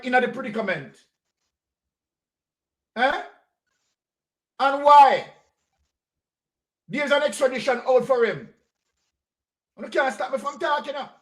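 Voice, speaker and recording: A man's voice: very high voice, a bit bright. A man with a Jamaican accent giving a combative political commentary, directly accusing the person he talks about. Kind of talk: monologue commentary.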